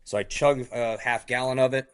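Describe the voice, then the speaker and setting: A man appears as a podcast guest and tells a first-person story casually, his voice medium-pitched, steady, and clean at a moderate pace. He retells it bluntly and vividly, acting out the quoted dialogue and leaning on fillers like "like" and "I go."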